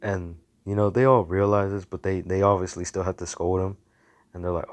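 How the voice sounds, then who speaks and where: Deep-voiced man rambling through a story. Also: steady tone, brisk, dry recording. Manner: rambling, slangy, profane. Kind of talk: casual storytelling.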